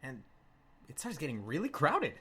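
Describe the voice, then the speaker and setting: A man's voice: mid-range voice, wildly swooping pitch, moderate pace, pushed and bright, slightly rough. A young man from Mexico co-hosting a casual chat, telling a rambling story with lots of fillers and laughter. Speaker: co-host.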